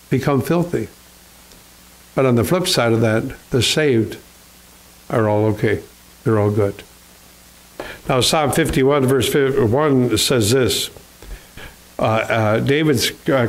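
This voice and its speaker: A man of ordinary pitch preaching from the pulpit, reading old-fashioned scripture aloud and pausing to put rhetorical questions to his listeners. His delivery is halting, full of small restarts as he works through his points. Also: poor audio. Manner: reads scripture aloud in King James wording. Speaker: pastor. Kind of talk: sermon.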